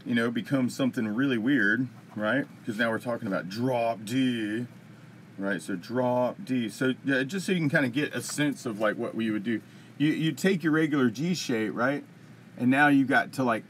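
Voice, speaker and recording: An American man hosting a casual live-stream Q&A as a guitar teacher, talking in a rambling, chatty way and laughing often. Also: medium pitch. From United States. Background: faint guitar strumming.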